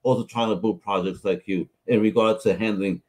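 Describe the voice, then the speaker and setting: A man's voice: lowish voice, steady tone, brisk, darkish tone. A man hosting a podcast in loose, casual chat, full of slang and swearing, who tells stories with gusto. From Puerto Rico. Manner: loose and profane, slangy storyteller. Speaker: podcast host.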